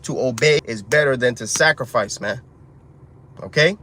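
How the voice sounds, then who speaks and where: A man giving informal spiritual teaching, calling listeners "man", swearing in asides and slowing down when reading scripture. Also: mid-range voice, pushed and bright, a little hiss or hum. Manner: street-casual preaching, calls listeners "man", profane asides; reads scripture slowly and deliberately. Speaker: religious teacher.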